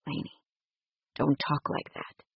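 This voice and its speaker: A woman voicing a gruff but tender young male rancher in an audiobook, speaking low and hushed. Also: takes it slowly, dry recording, highs cut off, lightly acted.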